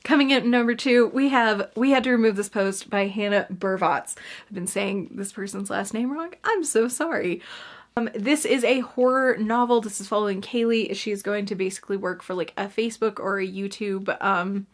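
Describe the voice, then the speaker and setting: A woman's voice: medium pitch, normal speed. Cranky woman ranting about books. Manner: cranky, profane and emphatic; gestures a lot while talking. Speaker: book reviewer. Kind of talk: casual ranting book review.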